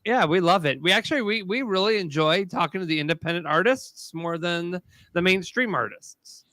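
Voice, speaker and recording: An American man with a bright, somewhat high voice, upbeat and thankful as he hosts a loose talk show. The sound is dry, with no room around it. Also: normal speed, no room sound. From USA. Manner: upbeat, thankful, wraps up guests. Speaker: show host. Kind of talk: casual talk show hosting.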